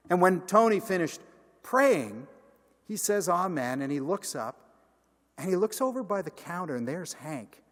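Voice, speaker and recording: Senior pastor in a sermon, animated storyteller, fairly high voice, big church reverb. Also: male voice. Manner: animated, acts out every character. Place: large church sanctuary.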